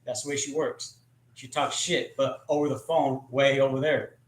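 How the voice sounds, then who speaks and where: A man's voice: mid-range voice, steady tone, moderate pace, echoey room. A man hosting a live stream, telling rambling, profane, joking stories about his sister. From California. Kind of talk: casual storytelling.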